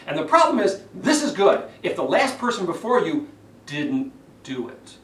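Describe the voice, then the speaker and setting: A man who is a public speaking coach giving an animated speech evaluation lesson, acting out vocal examples as he goes. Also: high-pitched, moderate pace. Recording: roomy echo, distant mic.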